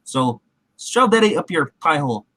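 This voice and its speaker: A man's voice: fairly high pitch, sing-song, unhurried, pushed and bright, slightly rough, dry recording. A man casually recapping a TV episode in a rambling way, full of fillers and restarts, acting out the characters' lines as he goes. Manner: acts out characters' quotes in his retelling. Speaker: show recap host.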